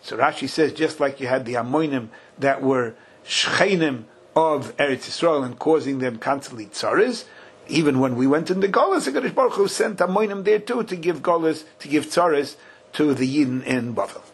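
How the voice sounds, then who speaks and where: Lively man teaching Talmud. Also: on the high side, slightly rough, poor audio. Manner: animated, chants Aramaic and Hebrew slowly and then translates. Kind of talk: Talmud study class.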